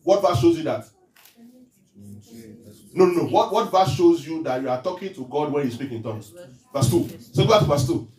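A man preaching with a high, lively voice that swings up and down, quizzing his congregation as he goes. He reads scripture lines slowly and deliberately. The sound is roomy and echoing, picked up from some distance away. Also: faint music behind. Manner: call-and-response questions to the congregation. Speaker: pastor. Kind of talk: interactive sermon teaching. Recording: echoey room, voice from a distance.

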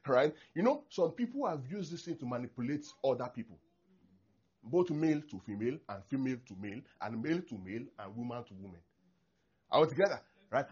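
A husky-voiced pastor in full sermon mode, his pitch leaping and dropping all over as he acts out people's prayers. The recording sounds dull and lo-fi. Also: a little fast. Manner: animated, acts out prayers, laughs often.

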